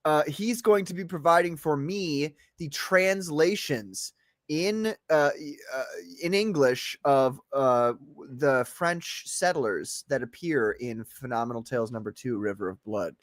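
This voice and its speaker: A man's voice: fairly high pitch, lively intonation, unhurried, no room sound. A man hosting a casual podcast chat, joking and laughing often as he tells stories. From North America. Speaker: podcast host. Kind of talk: casual banter.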